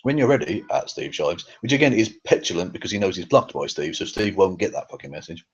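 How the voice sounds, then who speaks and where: A husky man delivering a profane, irritated commentary, full of fillers and restarts. His voice sits low, and the recording is dull and lo-fi, like a cheap home mic. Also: big pitch swings, fast. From England. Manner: angry, sweary, with many fillers. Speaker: YouTube commentator. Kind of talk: ranting commentary on a feud.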